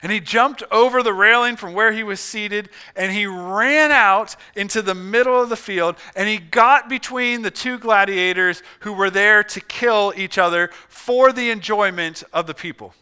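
A male pastor preaching a sermon, telling a story dramatically and swinging from hushed tones to loud ones. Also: high voice, normal speed, few pauses, clear, resonant tone.

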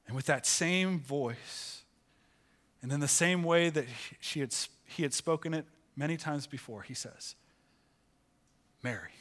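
A male pastor preaching from the pulpit of a church. His voice sits a little high for a man, and he takes his time, drawing words out slowly. He builds a line dramatically, then lets key words fall to a near hush. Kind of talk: sermon.

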